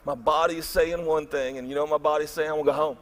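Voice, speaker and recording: A middle-aged man, preaching a storytelling sermon in an animated way and acting out his own thoughts. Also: a little high, quick pace. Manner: animated, acts out his own inner voice loudly. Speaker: pastor.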